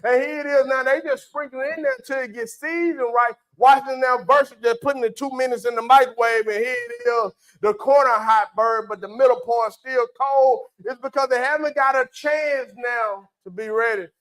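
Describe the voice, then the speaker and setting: A man's voice: extremely high pitch, lively intonation, normal speed, hardly any pauses, fairly bright tone, rough recording. A man preaching a folksy sermon, with call-and-response asides to the congregation. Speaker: pastor. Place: church.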